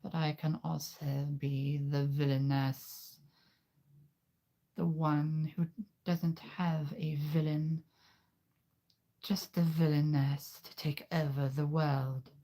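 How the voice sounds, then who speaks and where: A man voicing a scheming villainess in a slow, drawn-out, partly whispered delivery. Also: on the high side, flat delivery, warm tone, pitched above the performer's own voice, poor audio. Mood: menacing.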